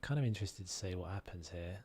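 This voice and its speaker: Guy streaming a game, kinda low voice, chatty, thinks out loud. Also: fast talker, slightly rough. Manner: chatty, musing aloud, hums tunes. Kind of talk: casual live-stream chat.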